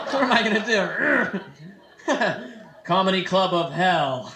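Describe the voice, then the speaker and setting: Young man, 20s, stand-up comic; quick, teasing, high voice; noisy echoey club recording. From San Francisco. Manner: quick, playful, teasing the crowd, slips into silly voices. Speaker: stand-up comedian. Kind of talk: live stand-up set with crowd work. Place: comedy nightclub stage. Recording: echoey club, noisy old live tape. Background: audience laughter.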